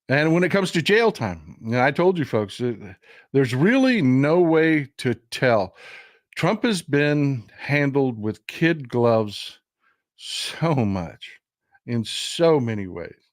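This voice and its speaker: A man's voice: mid-range voice, dry recording, studio quality. A man hosting a livestream of casual political commentary, emphatic and full of repeats and restarts, talking straight to his viewers. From Texas. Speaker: livestream host.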